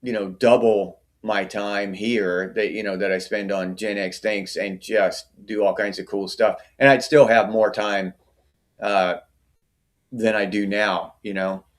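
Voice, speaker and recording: A man's voice: on the low side, little pitch movement, measured pace. A middle-aged man hosting a casual livestream, chatting and answering viewer comments by name. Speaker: livestream host.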